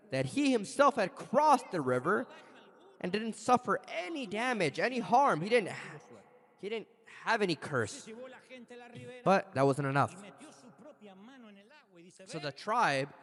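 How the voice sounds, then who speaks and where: A male pastor preaching a sermon, telling stories dramatically with sudden leaps in pitch. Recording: long reverb of a large hall.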